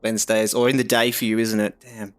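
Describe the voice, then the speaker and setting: A man's voice: lowish voice, flat delivery, a little fast. A man from Australia with an Australian accent, chatting casually on a livestream in a rambling, laid-back way with lots of fillers. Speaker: streamer.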